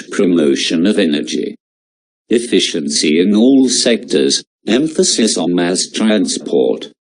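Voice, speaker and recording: A man reading out exam-prep lecture notes in a slow, measured way. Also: deep voice, darkish tone.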